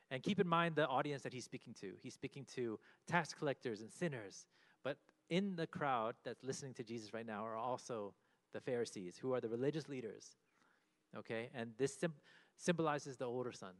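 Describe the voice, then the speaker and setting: A man giving a sermon at an ordinary mid pitch. He explains scripture in a conversational, teaching way. When he quotes, he lifts his voice with rising emphasis. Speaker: preacher.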